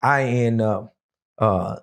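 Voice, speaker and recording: A man's voice: on the low side, slow, gravelly, clean tone. A middle-aged man from Dallas, telling his life story in a rambling, casual way with many fillers. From Dallas, Texas.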